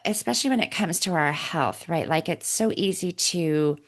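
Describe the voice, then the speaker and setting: A woman's voice: lowish voice, moderate pace. A woman hosting a podcast interview, reflecting on the guest's story and often checking in with "right?". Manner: reflective, affirming with frequent "right?". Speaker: podcast host. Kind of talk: casual interview chat.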